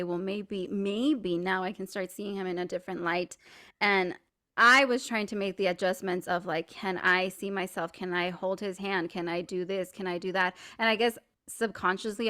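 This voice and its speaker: A woman co-hosting a podcast, telling a personal story in casual chat, saying "like" a lot and getting animated and laughing as she goes. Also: mid-range voice. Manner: chatty, fills speech with "like"; animated and laughing while retelling stories. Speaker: podcast co-host.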